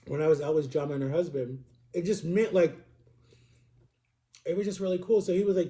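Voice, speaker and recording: Talking casually to camera for his personal vlog, a thirtysomething man rambles and confesses, leaning on lots of fillers. His voice is on the high side with a dark tone.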